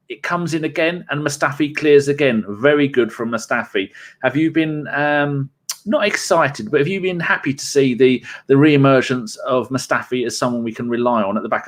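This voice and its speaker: A man hosting a live football podcast, reading out chat comments in a laid-back way, swearing and laughing often. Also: medium pitch.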